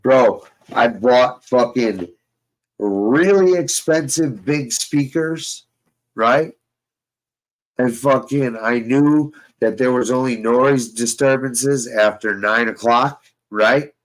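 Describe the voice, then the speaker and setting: Slow, profane rambling young man. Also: medium pitch, rough recording. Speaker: host. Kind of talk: casual chat.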